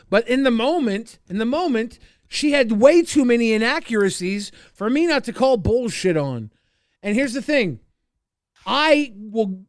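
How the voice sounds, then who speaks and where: A man's voice: extremely high pitch, a bit bright, no echo, studio quality. A man co-hosting a livestream, talking casually, defensive and emphatic with profanity. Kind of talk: casual stream chat.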